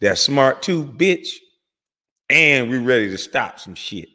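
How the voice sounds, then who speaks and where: A man's voice: expressive, bright, forceful tone, big-room sound. A man delivering an angry, profane commentary rant as host of his channel. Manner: heated, profane, rapid swings in pitch and volume.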